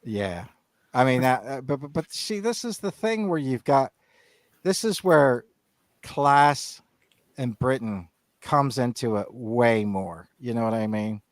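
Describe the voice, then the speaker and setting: A man's voice: mid-range voice, expressive, slow pace, dry recording. A man with an educated Northern Irish accent, chatting casually on a podcast and rambling with many restarts. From Northern Ireland. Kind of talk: casual chat.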